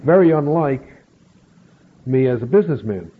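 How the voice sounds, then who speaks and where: A middle-aged man slowly telling a personal story, acting out bits of dialogue. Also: mid-range voice, expressive. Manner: slow, measured storytelling with acted quotes. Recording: phone-like narrow sound with faint hiss.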